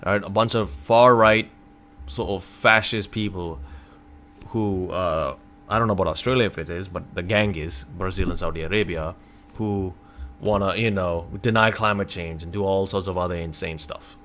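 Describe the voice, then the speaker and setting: A man from North America streaming at his computer, reading a news article aloud and reacting in a casual, exasperated way, sometimes breaking into loud remarks. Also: low voice, normal speed, a little hiss or hum. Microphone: computer desk mic.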